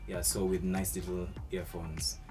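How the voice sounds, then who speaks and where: A man's voice: sits low, little pitch movement, unhurried, music in the background. A man, recalling his father in a laid-back, rambling, laughing way. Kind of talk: casual personal recollection.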